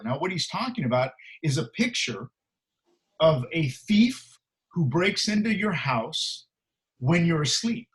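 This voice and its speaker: A middle-aged man preaches in a loose, conversational way, earnest and emphatic. He often stops on "uh" and "you know" and restarts his phrases. His voice sits a little high for a man. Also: lively intonation, a little slow, poor audio. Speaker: pastor. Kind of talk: conversational sermon.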